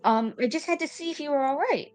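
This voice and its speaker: A woman's voice: high voice, fast talker, faint music behind, voice pushed up, lightly acted. A woman doing Cricket, a fretful hoofed creature. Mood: worried. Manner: breathless, fretful questions. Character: jittery hoofed creature guard, anxious and devoted.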